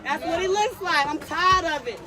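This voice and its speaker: A woman from California in a loud, profane, combative rant, recorded on a phone inside an airplane cabin. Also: very high voice, expressive, moderate pace. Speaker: passenger in a viral clip. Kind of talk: confrontational rant. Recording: crowd noise behind.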